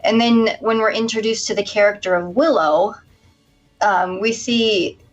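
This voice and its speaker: A woman joins a film review chat as a guest at an average pitch. She speaks in fluent, analytical stretches and lays out her points clearly. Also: unhurried, dull audio, soft background music.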